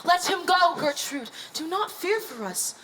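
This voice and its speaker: A woman acting a calm, persuasive king in a Shakespeare staging, measured and soothing. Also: extremely high pitch, slight background noise, exaggerated voice.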